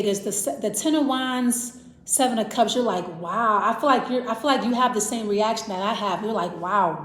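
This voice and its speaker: A woman's voice: fairly high pitch, slight background noise. A woman giving a casual, rambling tarot reading. She thinks aloud, restarts her sentences and repeats herself. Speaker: tarot reader. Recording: echoey room.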